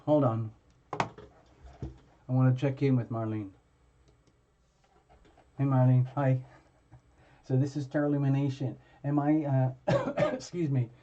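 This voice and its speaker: A man hosting a live tarot reading stream, chatting casually with viewers in a halting way, full of fillers and restarts. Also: medium pitch, warm tone, lo-fi sound.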